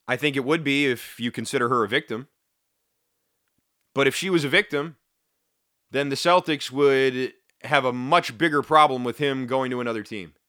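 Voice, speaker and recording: A man's voice: mid-range voice, sharp tone, smooth, dry recording, studio quality. A man hosting a solo podcast, talking in an emphatic, indignant way with sarcastic asides. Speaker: podcast host. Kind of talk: opinionated solo podcast commentary.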